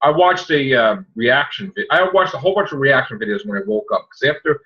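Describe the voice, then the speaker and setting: A man hosting a casual podcast, telling stories in an animated way and acting out the people he quotes. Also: mid-range voice, a little fast. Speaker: podcast host. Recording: muffled lo-fi audio.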